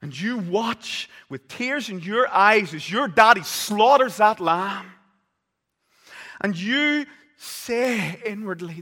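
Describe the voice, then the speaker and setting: A man preaching a sermon, telling the story vividly and swinging between loud, urgent passages and hushed ones. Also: high-pitched, expressive, takes it slowly. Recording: long reverb of a large hall.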